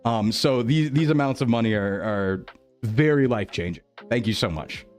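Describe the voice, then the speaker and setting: A man chatting casually on a live stream, excitable and gushing with thanks, often breaking into laughter. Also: mid-range voice, moderate pace, faint music behind.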